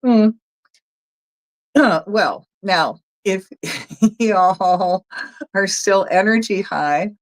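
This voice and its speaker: Southern woman as energy healer, guided session, folksy and chatty, mid-pitched. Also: very slow, pauses often, low-quality recording. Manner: chatty, folksy, talks viewers through steps.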